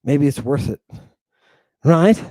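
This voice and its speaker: A man with a fairly high voice lectures slowly and deliberately, stretching out his points. He sounds playful and emphatic, often tossing a question back at the listener. The sound is close and dry, with no room around it. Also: lively intonation, warm tone, no echo. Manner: emphatic and playful, keeps asking "right?". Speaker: host.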